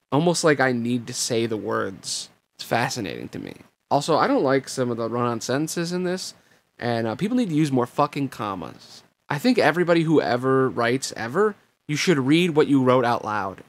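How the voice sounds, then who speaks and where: A man with a gravelly, middle-pitched voice talks casually after finishing a chapter of his reading podcast. He rambles from thought to thought and pokes fun at himself as he goes. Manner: self-deprecating, musing, thinks out loud. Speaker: podcast host reading a novel aloud.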